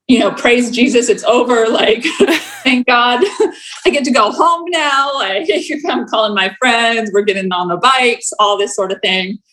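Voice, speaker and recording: A woman's voice: mid-range voice, a bit bright, low-quality recording. A young woman telling a personal story in casual chat, laughing often and filling her talk with "like". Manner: chatty, laughs often, many "like" fillers.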